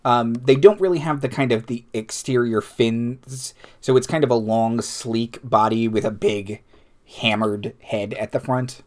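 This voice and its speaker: A man running a tabletop session as game master, describing the scene at an unhurried, slow pace. His delivery is halting, with frequent fillers and self-corrections. His pitch sits in an ordinary middle range. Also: fairly even intonation, a little mellow. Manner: halting, full of fillers and restarts.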